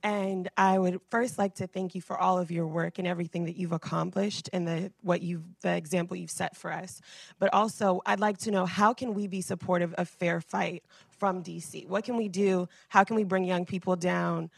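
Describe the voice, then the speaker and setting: A woman in the audience introduces herself and asks the speaker a question. Her voice sits a little low and sounds dry, without room echo. She speaks politely and formally. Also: fairly even intonation, normal speed, vocal fry, husky. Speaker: audience member asking a question.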